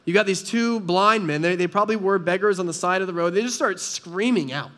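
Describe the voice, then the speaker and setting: Guy with a pretty high voice giving a sermon, chatty and earnest, lots of questions to the crowd. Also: fairly quick, hardly any pauses, a bit bright. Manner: earnest conversational preaching, rhetorical questions. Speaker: pastor.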